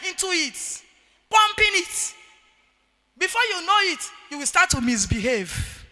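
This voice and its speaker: A middle-aged woman with a Nigerian accent, preaching an emphatic sermon to women with shouted, sing-song rises. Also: extremely high pitch, big pitch swings, a little slow. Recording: reverberant hall.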